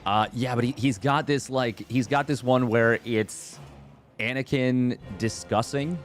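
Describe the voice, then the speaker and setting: A man's voice: medium pitch, steady tone, unhurried, soft background music. Rambling, chatty man casting a game. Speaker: esports commentator. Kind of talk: casual live game commentary.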